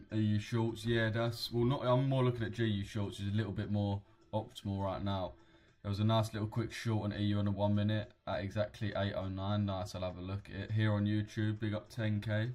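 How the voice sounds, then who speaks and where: Fairly low-pitched and a little mellow, this young British host speaks briskly in a level tone. His live trading stream is casual chat full of slang, and he reads out comments from viewers in a laid-back manner.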